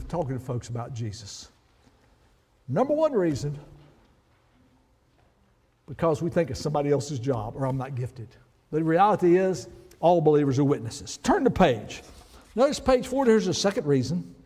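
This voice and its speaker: A man's voice: on the high side, big pitch swings, moderate pace, long pauses, a little mellow, slightly rough, in a large hall. A man preaching a sermon to his congregation, emphatic, and leading them through read-alongs. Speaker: pastor. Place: church sanctuary.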